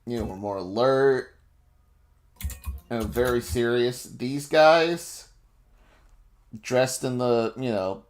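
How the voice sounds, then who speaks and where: Male GM, mid-pitched, unhurried, rambling, lots of fillers. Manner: slow, rambling descriptions with many fillers and laughs. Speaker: game master. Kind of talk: narrating a tabletop game.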